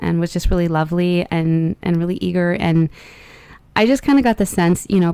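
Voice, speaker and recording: A woman's voice: fairly low pitch, gravelly, mellow, dry recording. A young adult woman giving a casual, chatty tarot reading, upbeat and rambling with plenty of fillers. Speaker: tarot reader.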